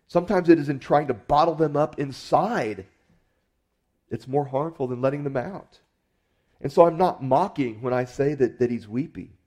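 Earnest male preacher with a mellow voice. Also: medium pitch. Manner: earnest, conversational preaching with frequent restarts. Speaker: pastor. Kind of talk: sermon.

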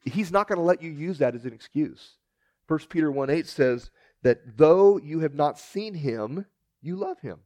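Lively storytelling male preacher. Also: normal speed, no echo. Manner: storytelling, acts out the dialogue with shifting pitch and volume. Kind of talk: sermon.

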